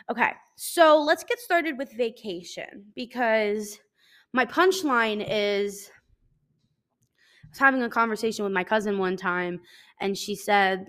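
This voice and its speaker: Young female solo podcast host, slightly high-pitched, loose and rambling, casually profane, self-deprecating. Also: a bit bright. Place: living in a hot city.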